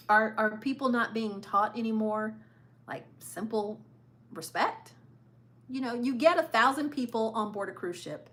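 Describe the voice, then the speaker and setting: A woman's voice: on the high side, bright, forceful tone. A woman hosting a live cruise news stream, chatting casually, repeating phrases for emphasis and laughing often.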